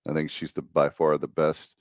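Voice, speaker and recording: A man from New Jersey co-hosting a casual sports talk show, laid-back and quick to laugh. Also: rumbling low, monotone, darkish tone, dry recording, studio quality.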